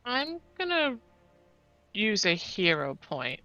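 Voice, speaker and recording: Lively, bright-voiced woman player. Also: medium pitch, slow, lo-fi sound. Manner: animated, laughs often. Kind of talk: casual chat.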